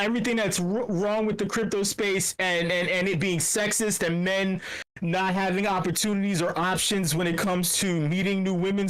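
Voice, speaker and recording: A young man hosts a meetup, and his voice sits high for a man. He rambles in crude, joking commentary, swears a lot and keeps restarting his sentences. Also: a bit bright. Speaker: meetup host.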